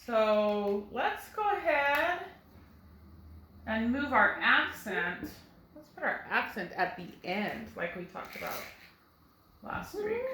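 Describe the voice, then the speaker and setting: A woman's voice: on the high side, bright, forceful tone, echoey room, a little hiss or hum, poor audio. A first grade teacher, a woman, giving a recorded phonics lesson, patiently sounding out words for young children.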